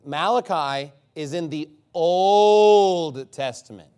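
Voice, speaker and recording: A man preaching an expository sermon, animated and mocking, reading scripture aloud and breaking into impressions. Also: sits high, normal speed.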